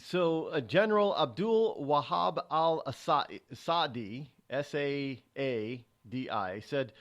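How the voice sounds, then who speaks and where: A man hosting a talk show, commenting on a news story in a loose, halting way full of restarts and asides. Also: a little high, lively intonation. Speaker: radio show host. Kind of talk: rambling solo commentary on news.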